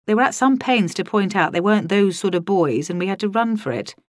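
A harried young man, played by a woman reading a novel reports back in a brisk, joking, excitable way. The sound is close and dry. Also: medium pitch, no echo, close to an everyday voice. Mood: wry.

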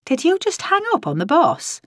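A woman voicing an excitable, anxious young female colleague. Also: mid-range voice, unhurried, no room sound, clean studio sound, voice pushed up.

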